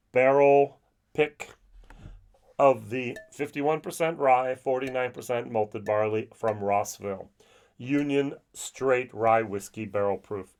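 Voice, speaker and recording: Chatty man reviewing whiskey. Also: mid-range voice. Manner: chatty and animated, acts out people he meets with quick voices. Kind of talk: casual video review.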